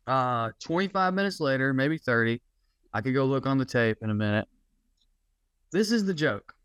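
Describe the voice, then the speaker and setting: A man, a comedian and podcast host, telling a profane, animated story about a stand-up gig in casual chat. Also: medium pitch, moderate pace, clean tone, no echo.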